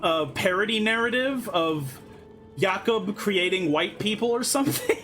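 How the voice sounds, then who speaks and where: A game streamer giving casual let's-play commentary, animated, with swearing and laughing asides. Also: mid-range voice, unhurried, soft background music.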